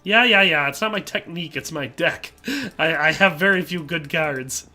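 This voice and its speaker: Bright-voiced Midwestern American man streaming. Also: on the high side, moderate pace, soft background music. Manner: chatty, reads chat aloud, frequent fillers. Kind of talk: casual live gameplay commentary.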